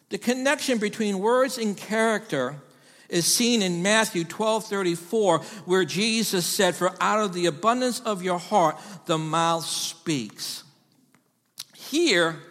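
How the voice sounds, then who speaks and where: A man preaching a sermon to his congregation, delivering it with emphasis and sometimes building to shouted call-and-response. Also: sits high, big-room sound. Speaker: pastor.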